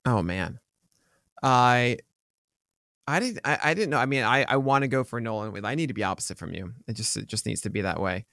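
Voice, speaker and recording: A man's voice: mid-range voice, expressive, a little fast, gravelly, sharp tone, dry recording, studio quality. A man co-hosting a baseball podcast, talking casually and rambling with many ums and restarts. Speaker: podcast co-host. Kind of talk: casual sports chat.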